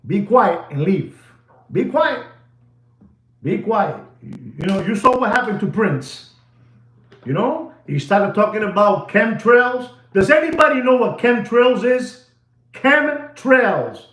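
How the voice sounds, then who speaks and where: A man hosts a live watch-sale stream in a high, lively voice that swoops up and down. He rambles and hammers his points by repeating phrases again and again. The sound is roomy, with a clear echo. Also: takes it slowly. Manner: emphatic, repeats phrases over and over.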